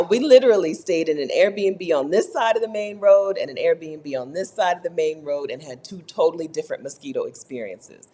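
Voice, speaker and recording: Chatty, husky-voiced woman vlogging. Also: deep voice. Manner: chatty, animated, keeps asking "right?". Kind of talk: casual talk to camera. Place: rented apartment.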